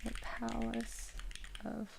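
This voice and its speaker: Creaky-voiced young woman co-host. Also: on the high side, completely flat delivery, takes it slowly, a little mellow, slight background noise. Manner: casual, chatty, mutters while searching. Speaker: podcast co-host. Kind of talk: casual podcast chat.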